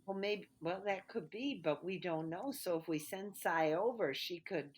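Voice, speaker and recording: Lower-voiced, earnest woman player. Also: normal speed, background noise. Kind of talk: tabletop game chat.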